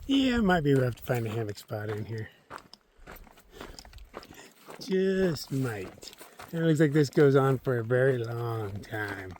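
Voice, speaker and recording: A man vlogging outdoors on a mountain trail during a solo thru-hike, chatting casually to himself and his viewers in a relaxed way. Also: mid-range voice, moderate pace, slight background noise. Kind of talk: casual vlog narration while hiking.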